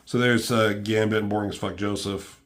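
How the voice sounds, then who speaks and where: A man's voice: lowish voice, little pitch movement, fairly quick, fairly bright tone. A man casually reviewing a comic book, rambling with lots of ums and swearing freely.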